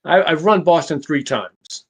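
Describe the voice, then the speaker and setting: A man appearing as an author guest on an interview show, telling stories in a measured way that often halts and restarts. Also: a little high, husky. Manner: measured, halting with frequent restarts. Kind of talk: conversational storytelling.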